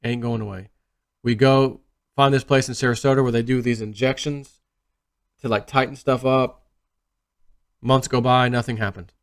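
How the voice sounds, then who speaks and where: A man hosting his own video channel, telling a personal story in a rambling, animated way that often trails off quietly. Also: mid-range voice, moderate pace, long pauses. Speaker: video host. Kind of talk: casual storytelling monologue.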